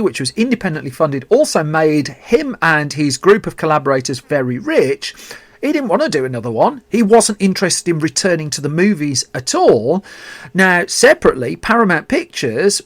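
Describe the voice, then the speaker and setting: A man's voice: a little high, no echo. A man with a Birmingham accent hosting a film podcast, telling a film's backstory in a chatty way with asides and restarts. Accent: Birmingham English. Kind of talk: solo podcast storytelling.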